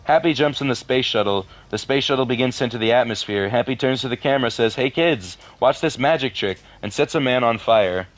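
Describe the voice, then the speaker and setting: A man casually reading a horror story aloud for his video, breaking off for deadpan asides and the odd curse. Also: lowish voice. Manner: deadpan asides, swears in frustration.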